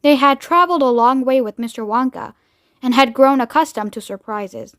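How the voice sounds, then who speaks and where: A woman with a high voice reads a children's book aloud and tells the story steadily and expressively. The recording is dry, with no room echo. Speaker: read-aloud reader.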